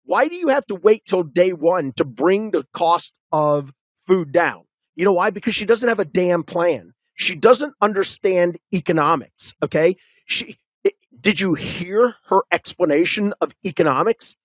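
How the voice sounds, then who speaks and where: A high-pitched man co-hosting a political talk show. He presses his points with rhetorical question after rhetorical question. His voice is recorded dry and close, with no room sound. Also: lively intonation, measured pace, no echo. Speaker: podcast co-host.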